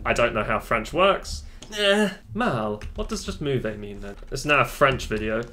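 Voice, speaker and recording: Man hosting a laid-back tech how-to, mid-pitched, jokey and self-mocking, with faint keyboard clicks in the background. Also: very animated, moderate pace, noisy background. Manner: chatty, joking, self-deprecating. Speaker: tech tutorial host. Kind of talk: casual screen-recorded tutorial. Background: faint keyboard typing.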